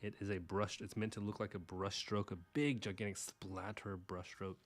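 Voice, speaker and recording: Brief: low-voiced man from Texas, faint twang, rambling live-stream chatter, jokes at his own expense. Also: level tone, normal speed. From Houston, Texas. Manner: rambling, self-deprecating, mutters to himself. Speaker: livestream artist. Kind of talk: casual live-stream chat while drawing.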